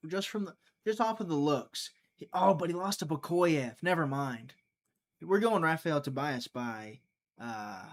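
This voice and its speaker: A man from Mississippi, hosting a casual livestream and thinking aloud in a rambling, sarcastic way. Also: on the high side. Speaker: livestream host making fight picks.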